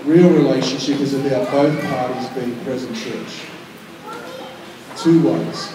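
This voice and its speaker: Pastor preaching in an echoey hall. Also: male voice, mid-range voice, measured pace, distant mic, background noise. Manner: conversational preaching, swings from quiet and intimate to loud and emphatic. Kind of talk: sermon. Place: large church hall.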